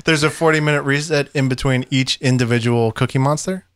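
A man's voice: mid-range voice, steady tone, moderate pace, a little hiss or hum. A man hosting a comedy podcast, asking wry questions and laughing often. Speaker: podcast host. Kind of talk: casual comedic podcast banter.

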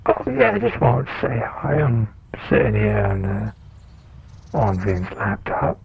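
A man's voice: lowish voice, very animated, unhurried, gravelly, heavily acted. A man voicing a casual, greedy male troll, heard over a phone speaker. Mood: offhand. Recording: muffled phone-speaker sound with faint noise.

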